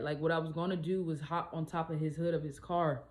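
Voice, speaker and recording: A woman and single mom telling a story in a casual vlog, animated and blunt, swearing freely. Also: low voice, brisk.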